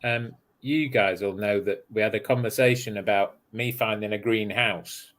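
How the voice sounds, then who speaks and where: A man's voice: fairly low pitch, fairly even intonation, normal speed, a bit bright. A man chatting casually on a live stream, laughing easily between remarks.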